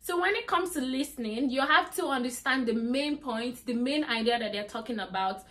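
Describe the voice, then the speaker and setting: A woman's voice: sits high, moderate pace, a bit bright. Chatty young woman giving exam tips. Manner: chatty, repeats "like" and "you get me". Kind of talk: casual talk to camera.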